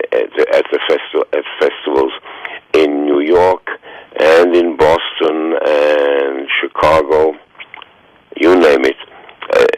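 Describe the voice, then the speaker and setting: Heard through a phone line, this bass-voiced radio interview guest is a man in his nineties. His storytelling is slow and halting, packed with fillers, and the recording carries no room sound.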